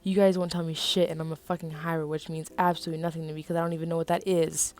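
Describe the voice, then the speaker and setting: A woman reading her own story aloud, voicing an angry, foul-mouthed teenage boy who yells and swears defiantly. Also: low-pitched, flat delivery, very fast, natural voice. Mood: furious.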